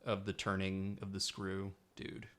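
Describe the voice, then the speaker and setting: A man's voice: deep voice, completely flat delivery, measured pace, a bit bright. A man co-hosting a podcast in casual chat, jokey and enthusiastic, often restarting his sentences. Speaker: podcast co-host.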